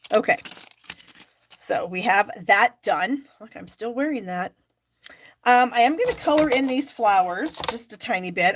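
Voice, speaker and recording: A woman hosts a live craft class, talking her viewers through each step in a loose, chatty way. Her voice sits at a middle pitch for a woman. Faint noise and small clicks from her work sit under her voice. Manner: chatty, thinks aloud while working, fillers. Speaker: stamping class host.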